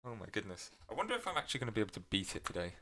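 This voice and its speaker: Guy with a lowish voice chatting over a game, voice keeps cracking, lots of uhs and correcting himself. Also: huge pitch swings, very fast, a bit bright. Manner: rambling, many fillers and self-corrections. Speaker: gameplay video creator. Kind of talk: casual gameplay commentary.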